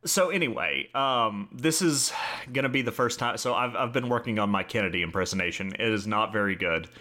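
A man's voice: lowish voice, expressive, fairly quick, pushed and bright. A young man co-hosting a casual history podcast, explaining from his notes and laughing easily. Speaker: podcast co-host.

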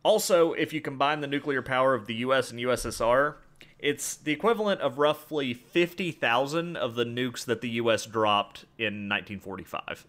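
A man's voice: mid-range voice, moderate pace, fairly bright tone. A man hosting a casual history podcast, explaining events and adding jokes and asides as he goes. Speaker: podcast host.

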